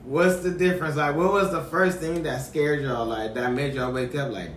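A man's voice: fairly high pitch, moderate pace, recorded from a distance. Off-mic man from Los Angeles, echoey. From Los Angeles area. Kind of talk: casual chat. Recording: echoey room, off-mic, faint noise.

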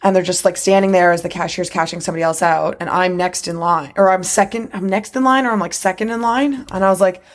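A woman's voice: lowish voice, fast talker, hardly any pauses. A woman in casual conversation, telling a story bluntly with lots of swearing. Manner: blunt, profane, animated storytelling. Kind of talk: casual chat.

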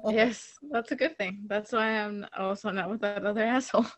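A woman's voice: mid-range voice, steady tone, normal speed. A woman co-hosting a casual chat, speaking frankly with laughs and casual swearing. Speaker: podcast co-host.

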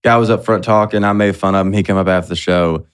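A man's voice: low voice, quick pace, clear, resonant tone. A young man, a stand-up comedian, telling rambling, profane stories in casual podcast chat, full of fillers. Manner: rambling, profane, animated storytelling with many fillers.

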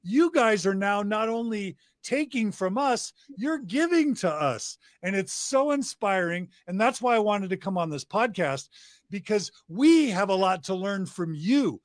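A man's voice: high-pitched, expressive, measured pace, no room sound, studio quality. A middle-aged man, a podcast guest, talking with passion and piling up emphatic lists of praise. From United States. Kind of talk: enthusiastic interview talk.

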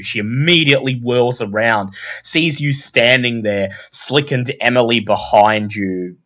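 A man narrating a horror tabletop game as game master, in unhurried, descriptive tones. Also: on the low side, a bit bright.

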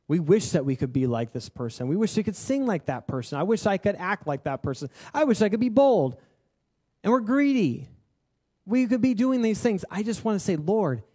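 Speaking a little high and a little mellow, a young pastor relates a personal story during his sermon. His manner is earnest and confessional, conversational and heavy on filler words.

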